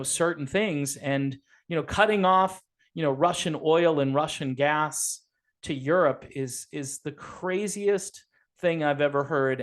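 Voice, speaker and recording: Male podcast host, fairly high voice, animated, rambling, lots of fillers. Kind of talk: casual political talk.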